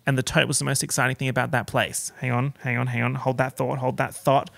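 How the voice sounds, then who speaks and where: An Australian man hosting a solo podcast, chatting in a camp, sassy, expressive way with big swings in pitch. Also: fast, gravelly, few pauses, no room sound. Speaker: podcast host. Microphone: podcast microphone.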